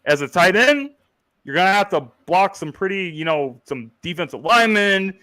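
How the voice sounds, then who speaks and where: A man's voice: sits high, expressive, moderate pace, bright, forceful tone, dry recording. A man hosting a casual sports podcast, blunt and joking, and talking to viewers in the chat. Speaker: podcast host.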